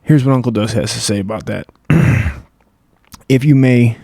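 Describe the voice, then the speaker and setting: A man's voice: medium pitch, normal speed, creaky, mellow, no room sound, clean studio sound. A man hosting a comedy show, riffing crudely in a rambling profane monologue. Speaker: comedy podcast host.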